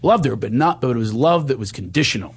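Talking fast in a gravelly, slightly rough voice, a man tells a candid personal story in an animated way. At times he quotes himself in higher voices, and at tender points he drops low and soft.

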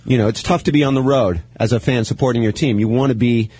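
A man's voice: medium pitch, quick pace, darkish tone, breathy edge, no room sound. A man hosting a casual radio chat, telling loose, profane stories. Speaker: podcast host.

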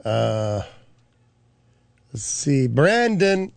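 Male radio host running a call-in quiz, animated pitch, joking and brisk. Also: vocal fry, dry recording. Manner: lively, laughing, quick game-show patter.

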